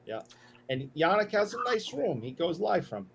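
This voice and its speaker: A man guesting on a hobby livestream, reading comments aloud in a sheepish, halting way. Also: sits high, very animated, vocal fry, a crowd in the background. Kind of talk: casual hobby chat.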